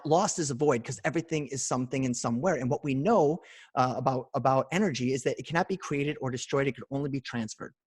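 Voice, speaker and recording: A young man leading a live online workshop, acting out both sides of an imagined dialogue and getting loud and emphatic. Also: mid-range voice, dry recording. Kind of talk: animated teaching talk. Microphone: video call.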